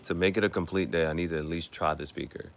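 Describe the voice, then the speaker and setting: A man's voice: low voice, fairly even intonation, fast, gravelly. A man hosting his own show, talking in a casual, rambling monologue that repeats itself and drops in foreign words. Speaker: podcast host.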